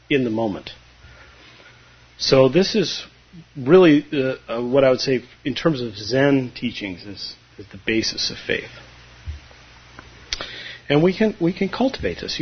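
A man with a very husky, breathy voice gives a relaxed Zen talk. His pitch moves in a lively, expressive way, and he drifts into playful imitations of his students. The recording sounds dull and lo-fi. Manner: conversational, humorous, acts out students' voices. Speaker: Zen teacher. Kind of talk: dharma talk.

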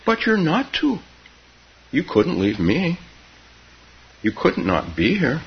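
A man's voice: fairly high pitch, huge pitch swings, slow pace, slightly rough, pitched above the performer's own voice, exaggerated voice. An older man voicing a small eager girl who pleads with her grandmother, in a muffled recording. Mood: pleading. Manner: pleading, insistent.

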